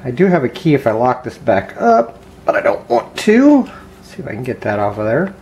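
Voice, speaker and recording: A man casually talking viewers through picking a lock at his home workbench, thinking aloud with frequent ums and quiet mutters. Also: medium pitch, very animated, normal speed, slight background noise. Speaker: lockpicking hobbyist. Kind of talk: casual hands-on demonstration vlog.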